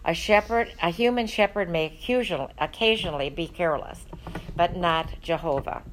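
Woman leading bible study, lowish voice, earnest and chatty w lots of ums. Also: normal speed, low-quality recording. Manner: conversational and earnest, with frequent fillers.

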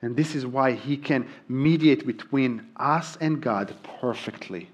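In a mid-range voice and measured pace, a pastor gives an earnest sermon, often pausing on ums and starting phrases over. He is middle-aged, from Israel, and speaks with the accent of a native Hebrew speaker.

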